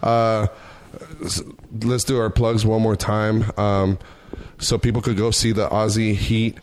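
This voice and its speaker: A man hosting a podcast in a relaxed, slangy way, calling guests bro and wrapping up with plugs. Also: on the low side, unhurried, slight background noise. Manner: easygoing, slangy, calls people bro. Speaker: podcast host. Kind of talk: casual chat.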